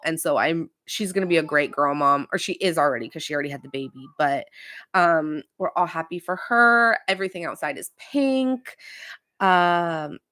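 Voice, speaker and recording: Chatty opinionated woman with a lowish voice. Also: a bit bright. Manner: chatty, opinionated, many fillers. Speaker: podcast host. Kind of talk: casual recap.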